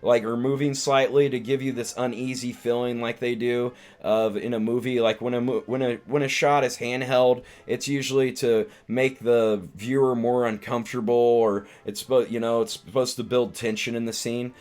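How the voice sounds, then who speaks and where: A man's voice: medium pitch, level tone, normal speed, hardly any pauses, darkish tone. A man casually retelling a film's scenes on a live stream, meandering and restarting his sentences often. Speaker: streamer and comedian reviewing a film.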